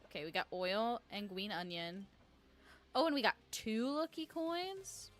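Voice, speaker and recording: A woman's voice: medium pitch, sing-song, unhurried, fairly bright tone, faint music behind. A woman from New York chatting casually with her audience while playing a game live, rambling and peppering her talk with "like". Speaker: streamer.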